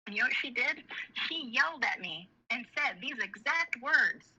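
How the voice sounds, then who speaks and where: Middle-aged woman, very bright voice, earnest storyteller, dull lo-fi video audio. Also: fairly high pitch, lively intonation, normal speed, breathy edge. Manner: earnest, emotional, rambling. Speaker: interview guest. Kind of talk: candid personal storytelling. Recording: slightly muffled video audio.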